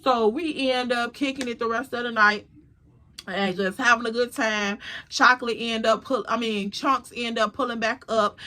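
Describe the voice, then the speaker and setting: A young woman telling a story in an animated, slangy, chatty way to her viewers. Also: a little high. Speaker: storytime vlogger. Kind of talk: casual storytelling.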